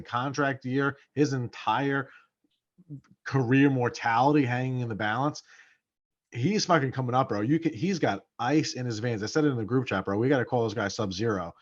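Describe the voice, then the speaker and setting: A man's voice: mid-range voice, highs cut off. A man co-hosting a casual sports podcast, swearing freely and repeating points for emphasis. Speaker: podcast co-host.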